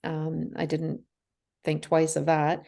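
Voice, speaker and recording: A woman's voice: deep voice, completely flat delivery, slow, vocal fry, mellow. A woman in her forties, a guest in an interview, telling a candid personal story and acting out the dialogue, laughing through hard memories. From Canada.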